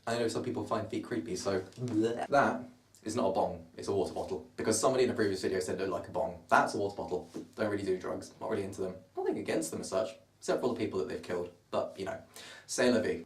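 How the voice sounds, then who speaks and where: This young Surrey vlogger, twenty and southern English in accent, talks fast with lively intonation and a fairly low pitch. Mocking himself as he rambles to camera, he's recorded from afar in his roomy bedroom.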